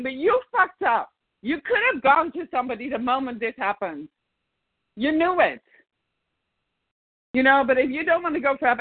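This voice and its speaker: A woman in a therapy session, angrily venting and swearing at her partner, repeating her words. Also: high voice. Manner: furious, swearing, repeating herself. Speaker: therapy client. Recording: tinny dry phone-like sound.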